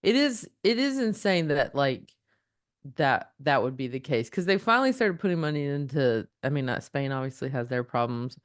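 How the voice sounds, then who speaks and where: A woman's voice: extremely low pitch, big pitch swings, dry recording, clean studio sound. A woman comedian who is a guest on a podcast, chatting casually and joking easily. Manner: joking, quick to laugh. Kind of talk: casual chat.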